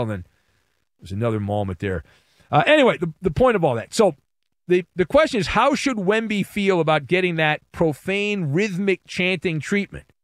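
A man hosting a sports talk radio show, delivering a playful, animated monologue with exaggerated emphasis. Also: fairly high pitch, no room sound, studio quality. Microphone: studio microphone.

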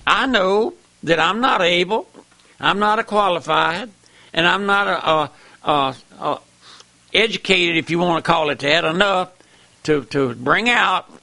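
A high-pitched preacher with a gravelly edge and a bright, tense tone. He talks in a folksy, plain-spoken way, keeps repeating "my friend," and climbs to emphatic high peaks as he preaches. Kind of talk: sermon.

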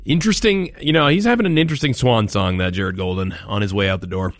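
A man's voice: on the low side, fast talker. A man hosting a talk radio show, delivering commentary with sarcastic mock outrage and taking calls.

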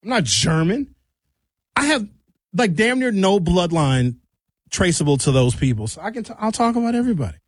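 A man from Milwaukee, hosting a comedy radio show. He rambles and jumps animatedly between high and low pitch. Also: big pitch swings, normal speed, no room sound, studio quality. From Milwaukee, USA. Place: radio studio.

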